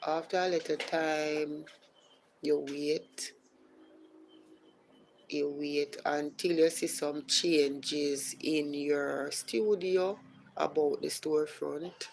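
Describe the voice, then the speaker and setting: Unhurried Jamaican woman with a gravelly low voice. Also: steady tone, a little hiss or hum, rough recording. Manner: unhurried explaining, greets viewers by name. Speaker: podcast host. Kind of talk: casual live-stream chat.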